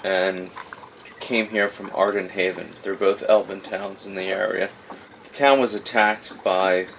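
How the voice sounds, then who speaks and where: A man plays his character in a tabletop game, answering in short, casual lines. His voice sits a little low. A clear layer of background noise runs behind him. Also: fairly even intonation, a little slow. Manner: casual, brief replies. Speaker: player.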